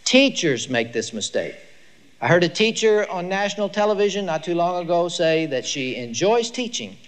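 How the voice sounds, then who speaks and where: A man's voice: high-pitched, moderate pace. An older man giving a lecture to a live audience, telling stories with emphasis. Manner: storytelling, emphatic, lively delivery. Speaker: speaker on child discipline.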